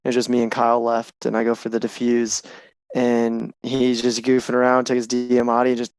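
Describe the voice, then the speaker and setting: A man's voice: medium pitch, monotone, moderate pace. Wry man sharing a gaming story. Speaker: esports team co-owner, podcast host. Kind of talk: casual podcast banter.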